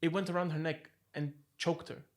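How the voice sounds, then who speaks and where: A man's voice: a little high, moderate pace. Upbeat man telling stories casually. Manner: animated storyteller, slangy, says "bro" and "like". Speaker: podcast co-host. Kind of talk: casual chat.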